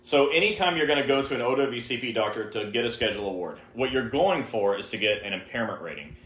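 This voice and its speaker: A man's voice: medium pitch, animated, quick pace, a bit bright. A man co-hosting a live-stream Q&A, giving direct, emphatic advice to viewers. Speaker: co-host answering viewer questions. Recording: roomy, echoey live stream.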